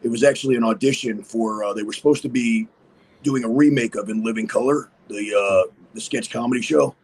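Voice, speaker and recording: A man's voice: mid-range voice, fairly quick, darkish tone, breathy edge, poor audio. A man speaking as a podcast guest, rambling casually with many fillers. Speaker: guest impersonator. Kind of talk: casual interview chat.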